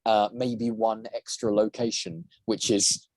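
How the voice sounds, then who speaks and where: A man's voice: fairly low pitch, level tone, unhurried, a little mellow, no room sound. A man speaking as a guest voice actor and prop maker in casual podcast chat, rambling with many restarts.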